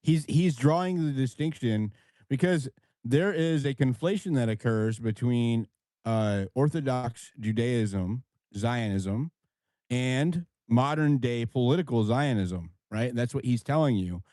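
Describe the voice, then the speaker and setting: A man's voice: mid-range voice, measured pace, warm tone, dry recording. A man hosting a live audio discussion, probing speakers with follow-up questions and insisting on distinctions. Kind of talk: moderating casual group discussion. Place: live audio chat room.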